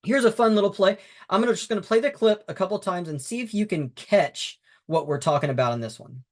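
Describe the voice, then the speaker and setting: A man's voice: sits high, fairly quick. A man teaching baseball umpires, talking them through game footage in a conversational, emphatic way with frequent fillers and restarts. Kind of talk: instructional talk over game footage.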